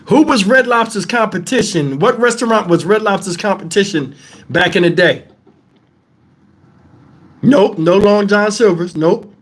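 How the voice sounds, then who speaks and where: Very high-voiced man telling stories. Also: unhurried, long pauses. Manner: profane, animated, keeps breaking into laughter; talks straight to the audience with questions. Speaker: channel host telling stories to a live chat. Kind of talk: casual storytelling to viewers.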